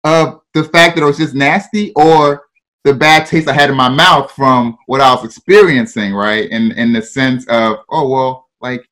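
A man's voice: medium pitch, moderate pace, a bit bright. A man from Ghana with a Ghanaian accent, a guest telling his life story in an interview, laughing often and checking in with "right?" and "you know".

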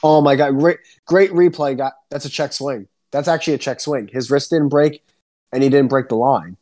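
A man's voice: mid-range voice, moderate pace. Young man ranting in casual podcast talk. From Central New Jersey. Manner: animated, swears a lot, ranting. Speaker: podcast co-host. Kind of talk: casual chat.

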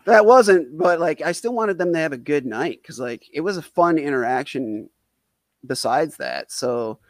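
A man's voice: a little high, animated, normal speed, dry recording. A man from Wisconsin telling a self-deprecating comic story in a casual, rambling way, full of "like" fillers. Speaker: storyteller guest.

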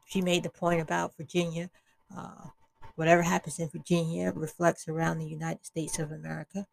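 A woman's voice: deep voice, level tone, brisk, creaky, low-quality recording. A woman hosting an opinion podcast, talking bluntly and with exasperation, often restarting her sentences. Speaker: podcast host.

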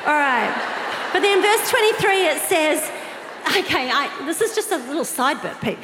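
A woman's voice: high-pitched, very animated, normal speed, background noise. A woman preacher delivering a sermon, chatty and playful, with humorous asides to the congregation. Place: large church auditorium. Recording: echoey hall with long reverb.

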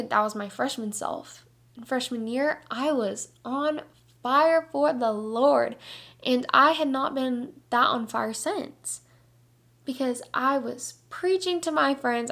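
High-voiced young woman, earnest faith podcast. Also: creaky. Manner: earnest and energetic, chatty with frequent "like" fillers. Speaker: podcast host. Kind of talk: Christian devotional podcast talk.

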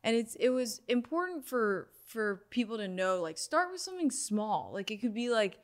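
A woman's voice: fairly high pitch, moderate pace. Chatty young woman telling a story. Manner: animated storytelling with frequent "like". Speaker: guest, sound healer. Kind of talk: casual interview talk.

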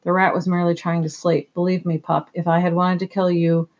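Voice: medium pitch, level tone, a little fast, muffled recording, lightly acted. A reader voicing a cunning, sardonic male giant rat who speaks in a dry, formal, mocking way, in a storybook reading.

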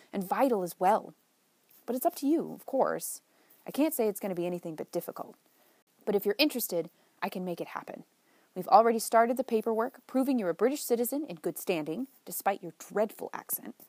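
A woman voicing an earnest young male private secretary who talks in a brisk, persuasive, teasing way, in a dry room. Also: medium pitch, darkish tone, no echo.

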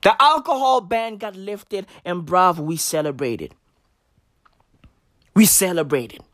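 A man from South Africa doing a satirical comedy monologue in heavy slang, ironic, building to loud outbursts. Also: high-pitched, expressive, takes it slowly, no room sound, clean studio sound.

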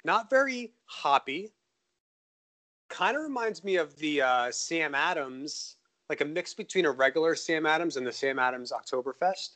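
A man's voice: on the high side, moderate pace. A man co-hosting a podcast, tasting beer in casual, joking chat. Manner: upbeat, joking, animated. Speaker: podcast co-host.

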